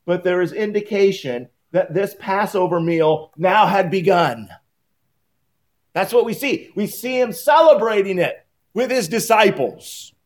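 A man preaching a sermon to his congregation, emphatic and rising in pitch when he quotes scripture and blessings. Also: lively intonation, unhurried. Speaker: pastor. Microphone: PowerPoint on screen, speaking at a church lectern.

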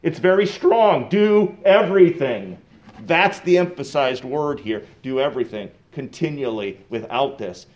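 A man's voice: mid-range voice, normal speed, hardly any pauses. A middle-aged male pastor giving a conversational sermon with casual asides and light chuckles.

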